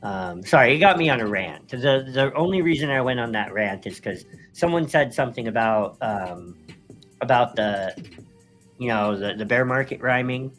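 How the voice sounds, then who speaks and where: A man's voice: medium pitch, expressive, moderate pace, a bit bright, soft background music. A man co-hosting a live stream in casual chat, rambling with many restarts and frequent laughs. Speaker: co-host.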